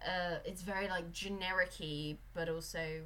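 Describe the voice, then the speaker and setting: A woman's voice: lowish voice, normal speed. A woman from England, chatting casually as a podcast guest and laughing often. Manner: animated, laughs often, slips into mimicry. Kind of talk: casual chat.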